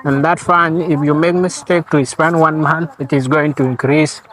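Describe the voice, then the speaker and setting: Slow-talking man vlogging outdoors. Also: a little high, flat delivery, fairly bright tone, a little hiss or hum, low-quality recording. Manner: slow and repetitive, restating points. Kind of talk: casual walking vlog. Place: outdoor park.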